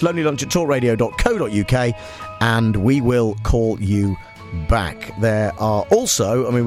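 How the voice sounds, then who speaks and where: A man hosts a comic talk radio show. His voice sits at an ordinary middle pitch, and his delivery is deadpan and mock-serious, with faint music behind him. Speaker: radio host.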